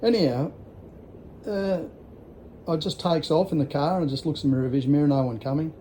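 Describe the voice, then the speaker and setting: Sixties Australian bloke vlogging, blunt and foul-mouthed, raised pitch with a soft warm tone. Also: male voice, a little fast, a little hiss or hum. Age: 60s. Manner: rambling, blunt, heavy swearing. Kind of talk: casual storytelling.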